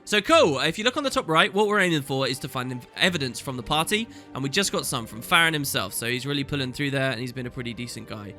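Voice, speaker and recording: A chatty, amused man talks his way through a video game, explaining the story as he goes. His voice is bright and lively, leaping up and down in pitch. Soft game music plays faintly behind him. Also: quick pace, hardly any pauses. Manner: chatty, amused, thinking aloud. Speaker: let's play host. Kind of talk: casual game commentary.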